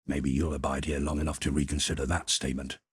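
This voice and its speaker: A man reading an audiobook, voicing a gentle, soft-spoken man who talks in a quiet, measured way. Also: rumbling low, husky, dry recording, exaggerated voice. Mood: quiet stern.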